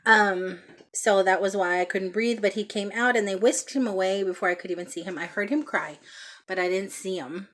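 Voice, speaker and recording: Woman, vlogger, casual heartfelt storytelling, bright voice, slightly out of breath. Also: medium pitch, moderate pace. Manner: heartfelt, rambling with many ums. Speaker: vlogger, mother.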